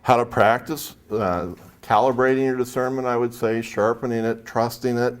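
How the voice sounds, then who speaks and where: A man's voice: medium pitch, steady tone, moderate pace, clear, resonant tone. A man from San Jose, California, telling a chatty, anecdotal story to a live audience as a speaker at a spiritual expo, acting out the dialogue.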